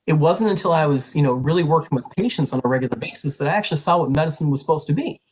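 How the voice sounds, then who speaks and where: A man's voice: fairly high pitch, expressive, very fast, rough recording. A middle-aged man advising prospective pre-health students, talking in an earnest, emphatic and direct way. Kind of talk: info session talk to prospective students.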